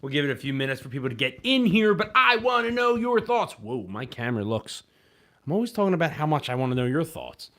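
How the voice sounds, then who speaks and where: A man's voice: medium pitch, sing-song, fast talker. A man hosting a casual livestream from home, rambling to the camera and chat with frequent ums. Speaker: livestream host.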